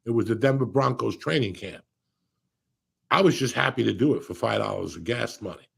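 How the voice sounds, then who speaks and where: Man, very gravelly voice, husky, profane, casual storytelling. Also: medium pitch, lively intonation, fairly quick. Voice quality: gravelly, raspy. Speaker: podcast host. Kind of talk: casual chat.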